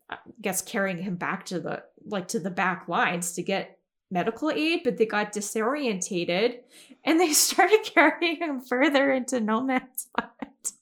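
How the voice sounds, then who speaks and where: A woman hosting a podcast, giving a casual history recap in a chatty way with fillers and frequent giggles. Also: medium pitch. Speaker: podcast host.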